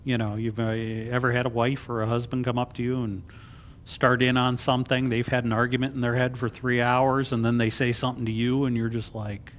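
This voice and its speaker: A man's voice: medium pitch, little pitch movement, fairly quick, slight background noise. Chatty deacon man teaching scripture. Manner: chatty and joking, with everyday asides. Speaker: deacon teaching a Bible class. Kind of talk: casual Bible study teaching.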